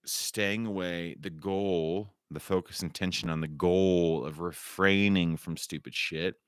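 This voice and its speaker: A man's voice: low-pitched, steady tone, a little slow, clean tone, no room sound, clean studio sound. A man rambling through a solo monologue, wandering and repeating himself and swearing casually. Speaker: vlogger.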